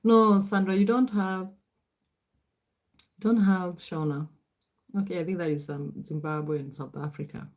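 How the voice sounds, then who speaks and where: A woman's voice: fairly low pitch, fairly even intonation, a little slow, long pauses, darkish tone. Middle-aged woman, Kenyan accent, Swahili first language, livestream host, chatty, laughs a lot, reads out comments. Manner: chatty, laughs often, answers comments aloud. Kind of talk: casual livestream chat reading viewer comments.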